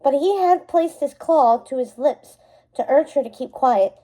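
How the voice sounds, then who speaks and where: A woman reading a novel aloud chapter by chapter, in steady narration that sometimes slips and corrects itself. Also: high voice, a little slow, rough recording. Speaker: storybook reader.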